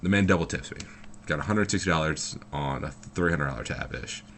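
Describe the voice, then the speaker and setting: A man's voice: very deep voice, fairly quick, fairly bright tone, a little hiss or hum. A young man telling a story from his own life in a loose, rambling way, full of fillers and swearing. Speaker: vlogger. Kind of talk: casual storytelling.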